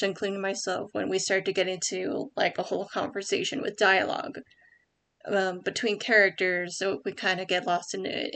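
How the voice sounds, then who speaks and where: A woman's voice: mid-range voice, a bit bright. A young woman at home giving casual writing tips over a screen share, rambling with many ums and likes and correcting herself as she goes.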